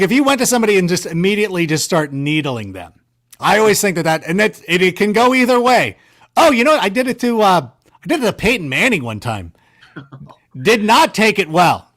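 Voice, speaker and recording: A man tells stories as an interview guest, his fairly high voice rambling and doubling back on itself. He talks in an animated, self-correcting way, with sarcastic banter woven in. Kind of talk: casual storytelling.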